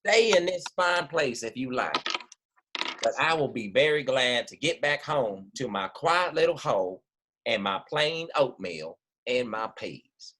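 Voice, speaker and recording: A man's voice: mid-range voice, animated, measured pace, fairly bright tone. A man voicing a plain, modest male country mouse in a storybook read-aloud, speaking in a matter-of-fact way. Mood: relieved.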